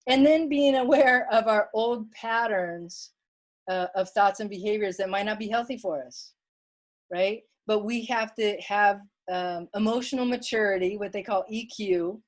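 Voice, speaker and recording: A woman's voice: mid-range voice, a little slow. A woman giving an online wellness workshop talk from home, chatty and plain-spoken, reading viewer comments aloud.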